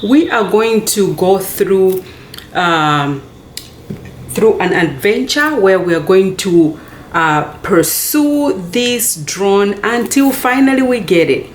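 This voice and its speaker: Excitable woman gushing over a gadget, slow-paced. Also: mid-range voice, echoey room, a little hiss or hum. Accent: American. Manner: excitable, gushing, repeatedly addressing viewers as guys. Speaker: unboxing vlogger. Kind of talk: casual unboxing vlog.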